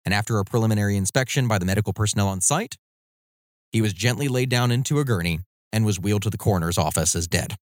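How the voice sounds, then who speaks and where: A man's voice: on the low side, quick pace, dry recording, studio quality. A man hosting a podcast, telling a history story in a casual, conversational way with loose fillers. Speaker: podcast host.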